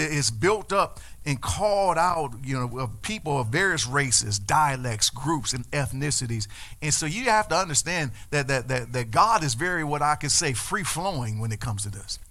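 A man's voice: on the high side, bright, forceful tone. A man preaching a sermon, explaining scripture and building to emphatic, repeated declarations. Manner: preaching with rising emphasis and repetitions. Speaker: pastor.

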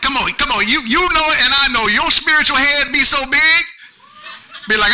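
A pastor preaching an animated sermon with features, calling out to the congregation. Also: male voice, extremely high pitch, fairly quick, rough recording. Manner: animated preaching with call-and-response asides.

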